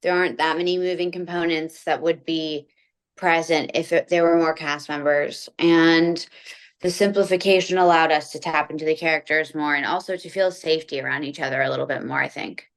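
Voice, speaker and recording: A young adult actress talking casually in an interview, giving long, thoughtful answers with some fillers. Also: female voice, low-pitched, steady tone, brisk. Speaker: actress interviewed about her film. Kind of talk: conversational interview.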